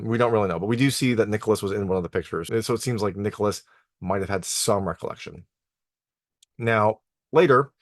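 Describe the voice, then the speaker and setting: Low-voiced man recapping a TV episode. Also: no room sound, clean studio sound. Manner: conversational, lots of "like" and "you know" fillers. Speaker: TV review host.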